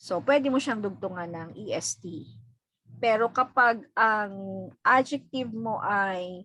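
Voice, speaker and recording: A woman teacher with a Filipino accent, explaining grammar to an online class in a patient, halting way full of fillers and repeats. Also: medium pitch, sharp tone, no echo, low-quality recording. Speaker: English teacher. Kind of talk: online class lesson, mixing English and Filipino. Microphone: video call.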